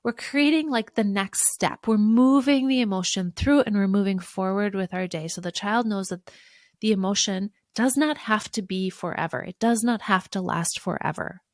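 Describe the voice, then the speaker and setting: A woman hosting a solo parenting podcast, calmly teaching and acting out soothing words to a child. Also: medium pitch, normal speed, dry recording, clean studio sound. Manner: warm, coaching, acts out soothing lines to a child. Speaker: podcast host, parenting coach.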